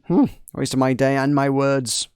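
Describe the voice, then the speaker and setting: A man's voice: medium pitch, level tone, moderate pace, darkish tone, smooth, no room sound, studio quality, natural voice. A man putting on a blunt castle cook woman. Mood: scornful. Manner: indignant, blunt. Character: gruff hardworking female castle cook.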